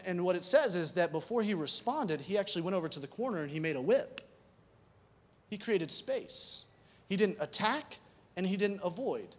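A high-pitched male pastor delivers a conversational sermon, posing rhetorical questions and repeating key words to drive them home.

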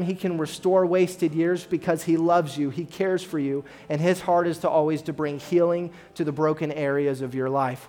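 A male pastor preaching a Sunday sermon in an earnest manner, often turning to the congregation with questions. His voice sits a little high for a man, with faint music playing underneath. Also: a little mellow. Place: church.

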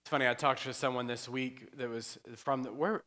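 A male pastor delivers a loose, conversational sermon, slipping into humorous asides and laughing along with his congregation. His voice is bright and forceful. It rings with the long reverb of a church sanctuary. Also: medium pitch, steady tone, fairly quick. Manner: chatty, joking asides, laughs often.

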